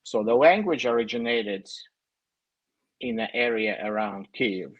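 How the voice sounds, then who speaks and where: A man's voice: lowish voice, animated, measured pace, no echo, lo-fi sound. A young man with a Ukrainian accent who grew up in Ukraine, answering questions over a video call in a casual, hesitant way with many fillers. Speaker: guest.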